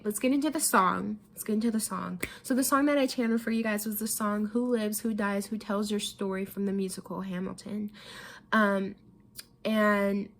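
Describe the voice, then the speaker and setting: A young woman giving a tarot reading, emotional and casual, often repeating herself and swearing freely. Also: mid-range voice. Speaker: tarot reader. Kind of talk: pick-a-card tarot reading.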